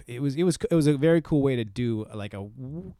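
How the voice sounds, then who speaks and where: Animated man telling stories casually. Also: mid-range voice, brisk, dry recording, clean studio sound. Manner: animated storytelling, swears casually. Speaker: podcast co-host. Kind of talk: casual chat about comics.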